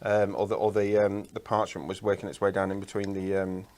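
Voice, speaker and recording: A man's voice: low voice, monotone, brisk, darkish tone, slight background noise. Rambling, jokey craft co-host man. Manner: rambling, restarts, jokey and self-deprecating. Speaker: craft TV co-presenter. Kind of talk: live craft demonstration banter.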